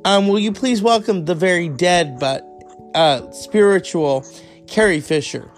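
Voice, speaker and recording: Man, podcast host, crude, teasing, high voice, faint music behind. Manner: crude, teasing, fast-cutting. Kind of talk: crude comedy podcast chat.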